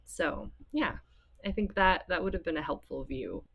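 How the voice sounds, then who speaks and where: A woman co-hosting a podcast, talking about a movie in a relaxed, agreeable way. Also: on the low side, creaky, slightly rough, muffled recording. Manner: relaxed, agreeable, quick to laugh. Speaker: podcast co-host. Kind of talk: casual film discussion.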